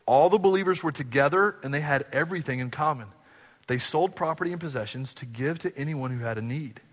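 A man preaching from the church stage, his voice bright and a touch high for a man. He tells his stories with energy, jumping to loud, excited bursts and then dropping to quiet, earnest asides. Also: brisk, long reverb tail. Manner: animated storytelling, swinging between loud bursts and quiet asides. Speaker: pastor. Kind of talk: sermon. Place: church sanctuary.

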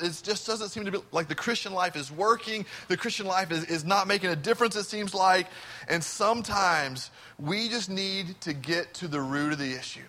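A man's voice: high voice, pushed and bright. A middle-aged man, a pastor, preaching a sermon in a church in a conversational, joking way. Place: church sanctuary.

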